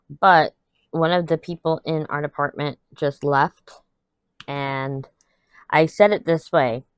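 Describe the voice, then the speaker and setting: A woman's voice: low voice, smooth, no room sound. A young adult woman chatting candidly to her viewers while crafting, rambling and venting with some laughs. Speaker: vlogger. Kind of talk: casual chat to camera while crafting.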